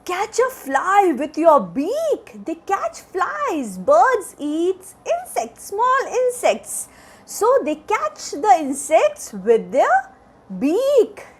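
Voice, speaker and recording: A woman teacher reads a picture book to toddlers in a very high, sing-song voice that leaps up and down. She takes her time over every line. She keeps asking the little ones questions and acts out the bird calls. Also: huge pitch swings, extremely slow. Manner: sing-song, coaxing, asks children questions; acts out bird sounds between lines. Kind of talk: reading a picture book aloud to young children.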